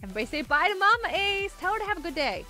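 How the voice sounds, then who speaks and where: Over soft background music, a woman with an extremely high pitch talks in a rapid-fire, very animated way, her tone bright and forceful. She's hosting a casual gaming livestream, chatting with viewers, reading out their chat messages, and giggling often.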